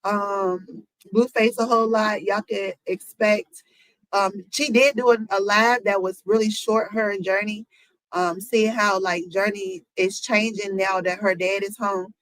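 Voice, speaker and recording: A woman's voice: mid-range voice, steady tone, a little slow, no echo, rough recording. A woman hosting her own commentary channel, talking casually to viewers with lots of fillers and asides. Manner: chatty, lots of fillers, addresses viewers as y'all.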